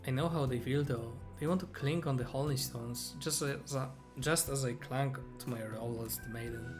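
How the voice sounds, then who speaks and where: A man's voice: mid-range voice, moderate pace, lightly acted. A man reading aloud the lines of an earnest, remorseful young female fortune teller from a game, in his own plain voice, with game music playing behind.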